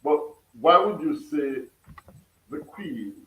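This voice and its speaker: A Jamaican man chats casually on a livestream, laughing and firing questions back at his viewers. His voice sits a little high for a man. He is set back from the mic in an echoey room. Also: expressive, slow, pushed and bright, recorded from a distance. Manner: laughs often, questions his chat, mixes patois. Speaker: livestream host reading chat. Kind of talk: casual chat.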